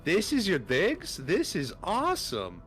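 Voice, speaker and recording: An easygoing man plays a tabletop game in casual chat and gets excited easily. His pitch moves a lot, and faint music plays behind him. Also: a little slow. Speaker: player.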